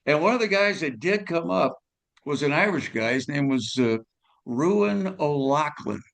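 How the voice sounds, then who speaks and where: A man's voice: fairly high pitch, expressive, measured pace, gravelly, a bit bright. An older man, a guest musician telling rambling stories in an interview, full of fillers and tag questions. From California, USA. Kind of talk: storytelling interview.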